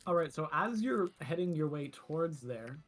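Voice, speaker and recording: A man serving as game master, narrating a tabletop game dramatically with loud bursts. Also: on the high side, animated, normal speed.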